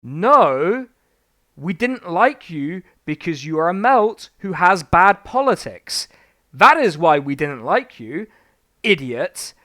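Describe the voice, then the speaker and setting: A man's voice: high-pitched, big pitch swings, slow, pushed and bright. A man reviewing a book live on stream, reading passages aloud and answering them with sweary, sarcastic rants.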